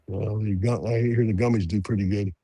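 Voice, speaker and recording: A man chatting casually as co-host, explaining things slowly with many restarts. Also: fairly low pitch, fairly even intonation, mellow, breathy edge, no echo. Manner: halting, restarts sentences, drawn-out explaining. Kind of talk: casual chat.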